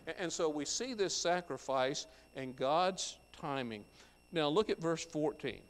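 Male pastor, sermon delivery, scripture reading with commentary; slightly high voice, long church reverb. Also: lively intonation, measured pace. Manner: reads scripture aloud and explains it verse by verse. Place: church sanctuary.

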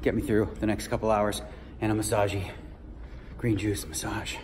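A man's voice: on the low side, level tone, normal speed. A man talking casually to his vlog viewers, loose and chatty, calling them "y'all" and laughing often as he recaps his day. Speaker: poker player vlogging his tournament day. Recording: noisy ambience behind the voice.

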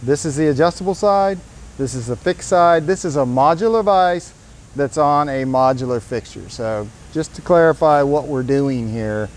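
A man's voice: fairly high pitch, moderate pace. A man presenting his company's tool in a casual, upbeat product demonstration with salesman energy, in a workshop.

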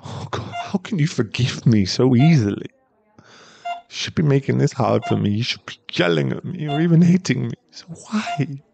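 An ASMR voice actor with a mid-range, gravelly, darkish voice speaks animatedly at normal speed. In a role-play he plays a young boyfriend at a hospital bedside, sounding remorseful as he pleads, stammers, and nears tears.

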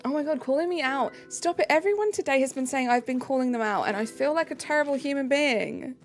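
A woman's voice: sits high, animated, fast talker, soft background music. A young woman live streaming, answering chat messages in a bubbly, casual way.

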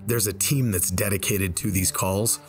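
A man telling a personal story in a relaxed, conversational way over gameplay, slowing down for the tense moments. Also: low-pitched, soft background music. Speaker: storyteller and game video creator. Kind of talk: casual spoken storytelling. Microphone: desk microphone.

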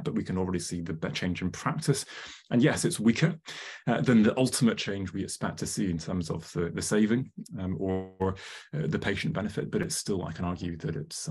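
A man's voice: fairly low pitch, a little mellow, slightly rough. A man presenting a live online workshop, chatty and full of ums, often asking the audience questions over a video call.

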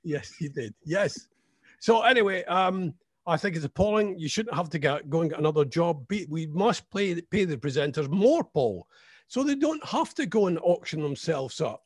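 A man's voice: a little high, lively intonation, moderate pace, breathy edge, no echo, studio quality. A man co-hosting a radio show, teasing his partner with mock-serious questions in casual banter. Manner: teasing, hesitant, full of restarts. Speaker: radio co-host.

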